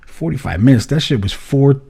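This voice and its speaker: A man's voice: mid-range voice, lively intonation, brisk, gravelly, dark tone, husky. A man co-hosting a podcast, telling a story in casual chat, swearing freely as he retells it. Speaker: podcast co-host.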